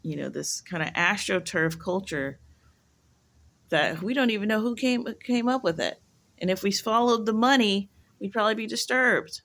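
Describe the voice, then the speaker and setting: A woman's voice: mid-range voice, expressive, moderate pace, vocal fry, a bit bright. Rambling, musing woman vlogger. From United States. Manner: rambling, musing, heavy use of "like". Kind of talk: casual monologue to camera.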